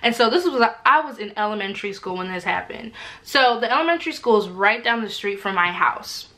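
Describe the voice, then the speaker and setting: A woman's voice: mid-range voice, fairly quick. A woman in her twenties from Alaska, chatting casually to camera at home and telling stories with lots of fillers. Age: 20s. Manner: animated, talks with lots of fillers. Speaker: vlogger. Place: home room.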